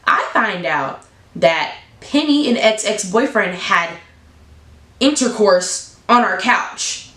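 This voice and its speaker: Woman vlogger spilling a story, blunt and animated, mid pitch, echoey room. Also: slow pace. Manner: animated, blunt, swings high for emphasis. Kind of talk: casual storytelling.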